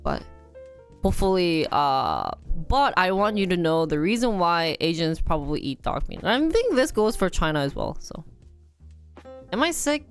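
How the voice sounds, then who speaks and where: A woman's voice: on the low side, huge pitch swings, moderate pace, clear, resonant tone, faint music behind. A young woman chatting casually on a live stream, giggly and talkative, dropping in Korean words. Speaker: livestreamer.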